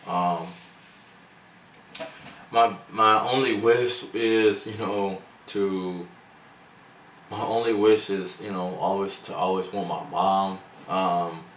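Male vlogger, lowish voice, halting slangy delivery, echoey room. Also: fairly bright tone. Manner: halting, slangy, full of "bro", "man" and "um". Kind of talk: casual heartfelt vlog talk. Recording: echoey room, mic at a distance, faint background noise.

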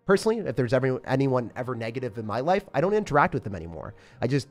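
A man's voice: medium pitch, very animated, rapid-fire, hardly any pauses, faint music behind. A young man chatting casually and upbeat on a live game stream, rambling with lots of fillers. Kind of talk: casual live-stream chat while gaming.

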